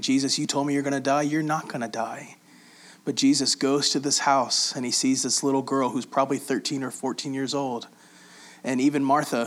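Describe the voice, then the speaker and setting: A man preaching in a relaxed, conversational way, reading scripture aloud and explaining it with frequent pauses and fillers. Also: mid-range voice. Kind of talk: casual Bible teaching.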